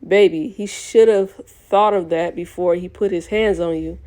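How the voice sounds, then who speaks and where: Mellow-voiced woman reading a novel aloud. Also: lowish voice, fairly even intonation, a little slow. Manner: reads with frequent self-corrections and restarts. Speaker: audiobook reader.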